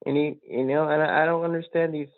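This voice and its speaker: A man hosting a solo sports podcast, giving opinionated, rambling talk that rises in pitch when he gets worked up. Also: steady tone, quick pace, no echo. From North Carolina, USA. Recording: tinny phone-like line, dry.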